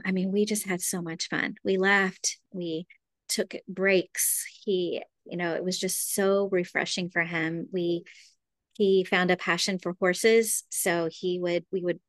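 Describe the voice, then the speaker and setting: A middle-aged woman educator, a guest in an interview, telling her story in a lively conversational way with fillers. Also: on the low side, dry recording. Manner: animated, acts out quoted voices.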